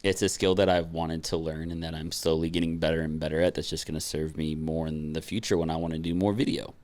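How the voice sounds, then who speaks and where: A man with a low, deep voice co-hosting a podcast in relaxed conversation. He talks loosely and swears often, with plenty of "um" and "like" between his thoughts. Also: fast talker. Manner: loose and profane, frequent fillers. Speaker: podcast co-host. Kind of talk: casual chat.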